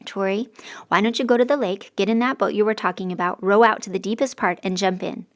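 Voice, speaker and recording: A woman voicing a sharp-tongued, defiant young woman who answers curtly and sarcastically. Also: mid-range voice, steady tone, fast, natural voice. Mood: sarcastic. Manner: curt and sarcastic.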